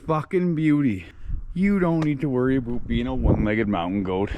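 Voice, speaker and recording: Profane vlog host, rowdy and excitable, phone-recorded from truck and trail, dull sound with road noise. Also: male voice, mid-range voice, normal speed. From Canada. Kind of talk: casual road-trip vlog.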